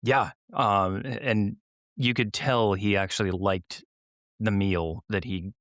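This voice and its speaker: Male co-host, low, dry close sound, relaxed and playful in banter. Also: slow pace, dry recording. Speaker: podcast co-host. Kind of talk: casual chat.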